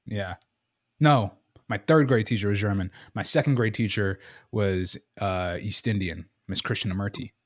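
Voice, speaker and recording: A man's voice: on the low side, moderate pace, no room sound, clean studio sound. A man from Brooklyn co-hosting a podcast in casual banter, joking and swearing freely. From Brooklyn, New York. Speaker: podcast co-host.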